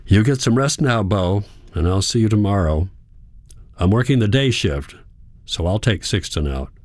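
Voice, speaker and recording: A man's voice: on the low side, expressive, normal speed, a little mellow, dry recording, close to an everyday voice. A man voicing a practical, reassuring adult female caregiver in a story reading. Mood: kind.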